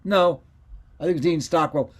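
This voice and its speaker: Speaking briskly in a slightly high voice, an older man recalls his days as a child radio actor during a relaxed video-call interview. He wanders through his stories and often stops to correct himself.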